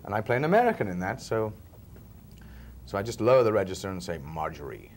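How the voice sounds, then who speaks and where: A man's voice: on the low side, very animated, quick pace, slight background noise. A man, telling stories as a film actor being interviewed, chatty and chuckling now and then. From England, Liverpool. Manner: chatty storyteller, often chuckling. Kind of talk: relaxed interview chat.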